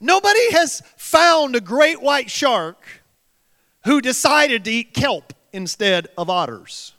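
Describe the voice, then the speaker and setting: A man preaching a sermon in a very high, bright voice. He works the congregation with rhetorical questions and repeated phrases. His voice carries through the long reverb of a large hall. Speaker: pastor.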